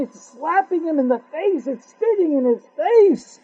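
A man's voice: very high voice, expressive, unhurried, few pauses. A man teaching a Torah class, telling a story with humorous asides and Yiddish and Hebrew words. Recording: dull lo-fi recording.

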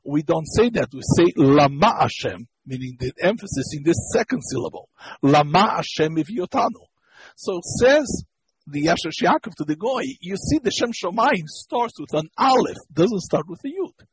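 A man's voice: sits high, sing-song, moderate pace, slight background noise, poor audio. A man teaching a lesson on Hebrew grammar. He explains step by step, repeats key points, and stops to search for words. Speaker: Torah teacher.

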